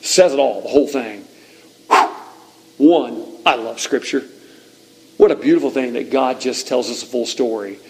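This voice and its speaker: A man's voice: medium pitch, moderate pace, long pauses, husky, low-quality recording. A male pastor preaching a conversational, emphatic sermon with frequent asides to the congregation.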